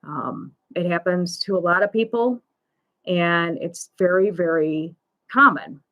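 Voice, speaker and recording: Slow-talking woman telling a story. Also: lowish voice, highs cut off. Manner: slow, conversational, with fillers and retold dialogue. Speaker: pet loss support host. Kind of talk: storytelling in a live stream talk.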